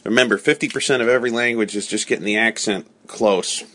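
Bright-voiced man, patient casual chat. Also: on the low side, steady tone, fast talker. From United States. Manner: patient, explaining, encouraging. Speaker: podcast host.

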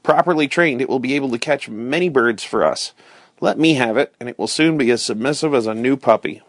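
Man doing smart-kid voice, lecturing and explaining, a bit higher, dry. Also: fairly quick, no echo, close to an everyday voice. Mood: eager. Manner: lecturing, reasoning. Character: clever, composed boy brother.

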